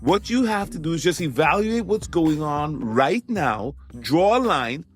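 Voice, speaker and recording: A man hosting a motivational talk, emphatic and animated, repeating his key phrases for the listener. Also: on the high side, measured pace, soft background music. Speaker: podcast host.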